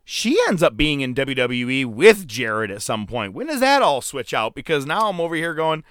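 A man co-hosting a casual wrestling chat, excitable and profane, laughing often. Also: medium pitch, normal speed, clear, resonant tone, dry recording, clean studio sound. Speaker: podcast co-host.

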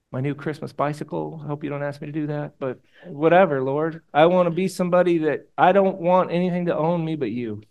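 A male pastor delivering a sermon, moving between loud exhortation and quiet, hushed prayer. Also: a little high. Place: church room with congregation.

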